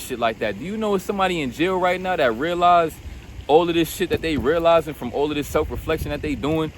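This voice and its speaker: A man delivers an unscripted motivational rant, blunt and full of profanity, calling the listener bro again and again. His voice sits fairly high for a man. A faint vehicle hum runs underneath. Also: a little fast. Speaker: self-help video host.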